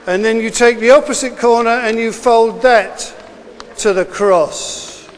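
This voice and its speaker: A man, a teacher, giving a class of children step-by-step instructions in a brisk, encouraging way that repeats each step. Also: very high-pitched, big-room sound, slight background noise.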